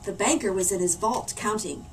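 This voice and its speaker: A woman librarian reading a storybook aloud to children, expressive and animated. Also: mid-range voice, moderate pace. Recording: distant mic, faint room hum.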